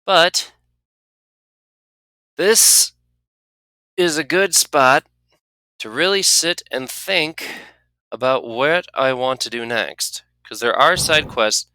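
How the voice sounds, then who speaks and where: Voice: mid-range voice, slow, long pauses, no room sound. A let's play host musing casually aloud about what to do next in the game. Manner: musing, chatty, lively. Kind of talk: casual gameplay commentary.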